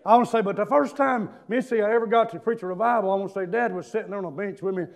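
An older man preaching a sermon, telling folksy stories with drawn-out fillers and climbing into shouts. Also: gravelly. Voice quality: high-pitched, rising to shouts. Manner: folksy storytelling, drawling fillers.

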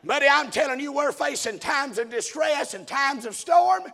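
A man's voice: very high voice, lively intonation, moderate pace, gravelly. A man preaching a fiery sermon, hollering and then dropping to a murmur. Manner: hollering, swinging between shouts and murmurs.

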